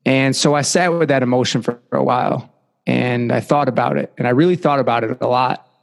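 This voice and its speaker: A man's voice: mid-range voice, brisk, gravelly, big-room sound. Earnest young man telling his life story. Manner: earnest, heavy use of "like" and "you know". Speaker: podcast guest. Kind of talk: personal storytelling.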